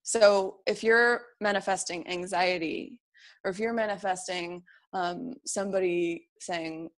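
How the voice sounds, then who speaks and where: Her voice is lowish and steady, her pace a little slow. Being interviewed, this woman reflects earnestly and encouragingly on feelings and beliefs, frequently putting her inner thoughts into quoted words.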